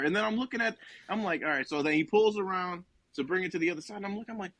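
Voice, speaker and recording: A man's voice: high-pitched, rapid-fire, fairly bright tone, no echo. A young man from New Jersey, a podcast co-host, telling a rambling, profane comic story with lots of quoted dialogue. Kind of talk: casual comedic storytelling.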